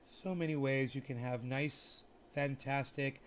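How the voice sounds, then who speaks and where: A man's voice: medium pitch, fairly even intonation, measured pace. A man hosting a laid-back livestream in a mid-range voice, putting on a prim, proper English-sounding manner. He muses aloud theatrically and mocks himself, repeating his words with playful indignation. Faint noise hums underneath. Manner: affected, proper English-sounding persona delivery; theatrical, self-mocking, talks to himself while working. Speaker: livestream host. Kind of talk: casual livestream chat to viewers.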